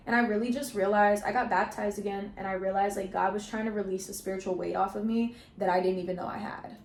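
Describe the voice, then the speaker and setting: A woman's voice: mid-range voice, fairly even intonation, fast talker, few pauses, slight background noise. A young woman vlogging from her bedroom in a chatty, storytelling way, full of slang. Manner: chatty, storytelling, uses slang like "y'all" and "you feel me". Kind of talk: casual vlog chat. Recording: echoey room.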